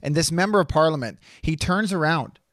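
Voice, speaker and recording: A man co-hosting a political podcast, relaxed and dryly sarcastic. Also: a little high, brisk, no room sound, clean studio sound. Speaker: podcast co-host. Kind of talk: casual political talk.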